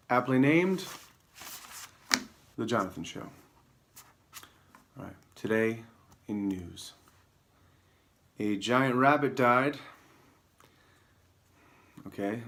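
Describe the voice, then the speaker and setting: A man hosting his own comedy show alone on camera, rambling through news headlines with deadpan, self-mocking asides. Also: medium pitch. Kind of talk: improvised comedic news rundown. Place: alone in a room, talking to camera.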